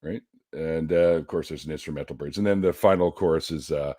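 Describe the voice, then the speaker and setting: Deep-voiced man hosting a casual chat. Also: brisk, few pauses, dark tone, dry recording, clean studio sound. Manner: reciting his own song lyrics, then joking bluntly. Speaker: podcast host. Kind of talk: casual conversation.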